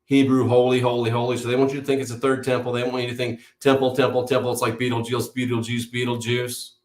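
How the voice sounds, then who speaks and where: A man's voice: mid-range voice, little pitch movement, quick pace. A man in a mid-range voice delivers a fiery, preachy monologue, hammering home his points by repeating them and stating everything as settled fact. His voice carries a roomy echo, as if he is recording in a bare room. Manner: emphatic, with insistent repetition; preachy, declaring things as certain. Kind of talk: impassioned monologue to a live audience.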